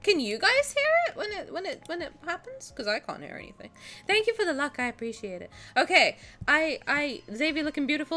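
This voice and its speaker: With faint music behind her, a woman streams gacha pulls live in a high-pitched, sing-song, sharp voice at normal speed. She's playful with her viewers, coos over the game characters, lets out mock-outraged shrieks and curses freely.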